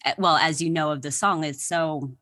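A woman's voice: sits low, steady tone, moderate pace, fairly bright tone. A woman guest on a podcast, telling history stories with enthusiasm and laughing often. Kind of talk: casual interview chat.

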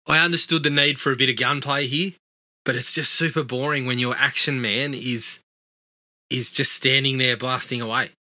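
A man co-hosting a casual film review podcast, relaxed and agreeable, swearing now and then. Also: mid-range voice, moderate pace, no room sound.

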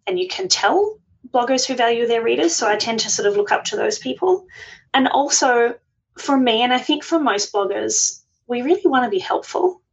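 A woman's voice: a little high, animated, normal speed. Chatty woman on a dull lo-fi line. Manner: chatty, self-deprecating, laughs often. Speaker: podcast guest, food blogger. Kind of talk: conversational interview.

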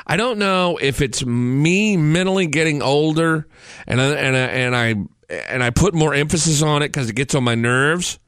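A man's voice: fairly high pitch, moderate pace, clean tone, dry recording, studio quality. A man in his forties hosting a show, telling stories and ranting profanely in a comedic style. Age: 40s. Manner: profane, ranting, animated storytelling. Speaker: host. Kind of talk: comedic rant.

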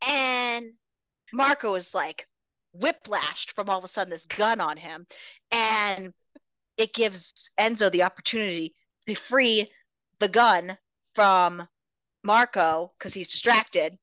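Female podcast co-host, casual but theatrical recapper, middle pitch, dry close sound. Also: slow pace, fairly bright tone, dry recording. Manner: dramatic storyteller, builds suspense. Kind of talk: casual book-recap chat.

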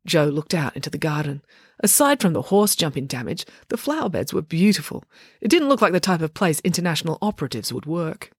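A woman narrating a children's story, with expressive, animated storytelling. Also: low-pitched, brisk, slightly rough, no room sound, studio quality. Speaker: audiobook narrator. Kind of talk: storybook reading.

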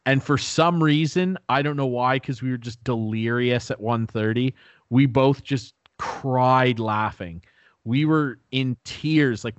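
A man's voice: mid-range voice, no room sound, muffled recording. A young man co-hosting a podcast, rambling through a story in casual chat. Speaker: podcast co-host.

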